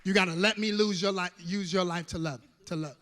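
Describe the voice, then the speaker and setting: High, bright-voiced preacher man. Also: steady tone, a little fast, in a large hall. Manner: call-and-response preaching, swings from hushed to shouting. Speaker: pastor. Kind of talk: sermon.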